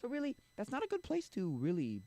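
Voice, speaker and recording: A man's voice: extremely high pitch, wildly swooping pitch, quick pace, mellow, no echo. A young man streaming, chatting casually and rambling, often losing his train of thought. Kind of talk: casual chat.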